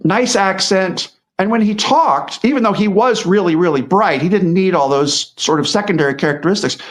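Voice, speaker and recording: A man's voice: high-pitched, normal speed. Middle-aged man, rambling chat. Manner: rambling, many restarts and repeated words. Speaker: guest commentator. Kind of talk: casual conversational commentary.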